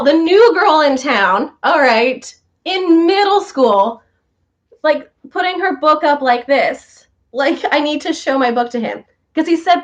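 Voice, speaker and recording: A young woman hosting a casual talk show, chatting to viewers and telling animated stories with quoted voices. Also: sits high, normal speed. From northern United States. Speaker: show host. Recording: slightly dull lo-fi sound.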